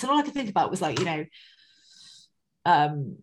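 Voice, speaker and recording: A woman's voice: fairly low pitch, sing-song, brisk, a little hiss or hum. Chatty sweary woman. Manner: chatty, sweary, self-mocking storytelling. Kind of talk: casual chat.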